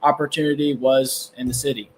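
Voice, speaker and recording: A man's voice: mid-range voice, flat delivery, fairly quick, slight background noise. A man hosting a live stream, arguing in a chatty way and filling his talk with "like" and "right?". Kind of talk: casual heated debate.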